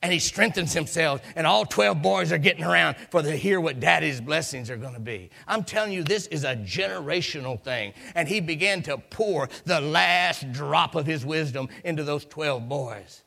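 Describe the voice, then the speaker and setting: A man's voice: on the high side, expressive, normal speed, creaky, hardly any pauses, bright, forceful tone. A man preaching a sermon, telling a story with emphatic delivery and repeated hallelujahs.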